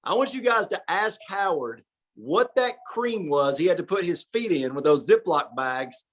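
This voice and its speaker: A podcast guest, a man, spins an animated yarn with a slightly high, excitable voice. He laughs easily and pushes the energy up as he gets going. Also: normal speed. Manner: lively, laughing, acts out quoted voices. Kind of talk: animated storytelling and banter.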